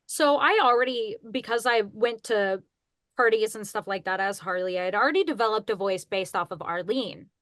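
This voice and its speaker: A woman's voice: medium pitch, normal speed, a bit bright, dry recording, clean studio sound. A young woman, a voice actress, chatting as a guest on a podcast in a bubbly way and laughing at herself. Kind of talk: casual podcast interview.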